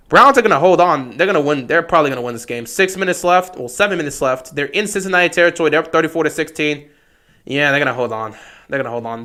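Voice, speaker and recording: A young man hosting a livestream, giving excitable play-by-play reactions to football games that swing from shouting to muttering. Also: on the high side. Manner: excitable, shouts at big plays then mutters. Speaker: livestream host. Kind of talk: live football watch-along commentary.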